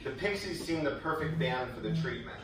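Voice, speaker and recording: A man's voice: medium pitch, fairly quick, noisy background. A young adult man telling wry stories in a speech at a school event. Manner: wry, animated storytelling with laughs. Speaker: former student giving a speech. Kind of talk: storytelling speech. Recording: echoey hall from far off.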